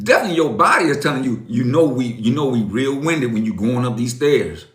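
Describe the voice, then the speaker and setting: A man's voice: fairly high pitch, fairly bright tone, reverberant. A man in his fifties giving a motivational live-stream talk, preachy and emphatic, repeating lines and calling his viewers folks. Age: 50s.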